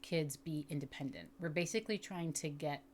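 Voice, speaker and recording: A woman teaching a lesson for educators and parents, explaining patiently and sounding out words slowly. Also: low-pitched, darkish tone, a little hiss or hum. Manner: patient, explanatory, checks in with "okay?". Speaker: literacy teacher. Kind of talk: instructional video lesson.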